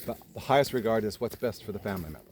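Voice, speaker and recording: A man telling a story in casual conversation, animated, swearing freely and acting out the people in it. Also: on the low side, slight background noise. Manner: animated retelling, swears freely, quick jumps in loudness.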